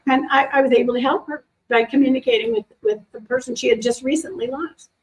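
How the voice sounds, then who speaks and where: A middle-aged woman, an animal communicator, chatting casually to a live audience and answering questions in a lively, animated way. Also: high-pitched, fast talker, poor audio. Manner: chatty, animated, acts out quoted voices. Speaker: animal communicator and intuition teacher.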